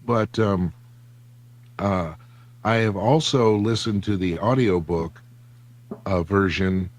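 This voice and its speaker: A man on a casual book podcast, speaking deliberately with dry humor. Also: sits low, poor audio. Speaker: podcast co-host.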